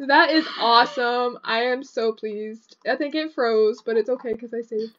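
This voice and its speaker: A young woman giving casual, excitable commentary over a video game, often breaking into laughter. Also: fairly high pitch, moderate pace, highs cut off. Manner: giggly, excitable, shrieks with laughter. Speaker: gaming vlogger.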